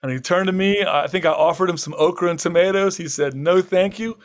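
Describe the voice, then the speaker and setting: Brisk and animated, the slightly higher-voiced farmer-author spins a story for a podcast interview. He brings the quoted speech to life with his own performance and laughs frequently throughout.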